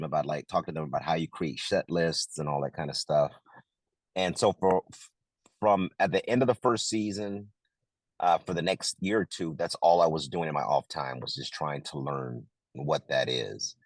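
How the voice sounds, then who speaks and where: A middle-aged man, an actor who also directed, telling a casual story in an interview, lively and full of restarts. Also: very deep voice, no room sound. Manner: animated, acts out quotes, many restarts.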